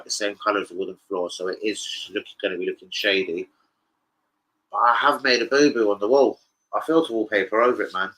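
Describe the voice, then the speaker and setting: A man rambling casually to camera as a football betting vlogger, sweary and excitable. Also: fairly low pitch, low-quality recording.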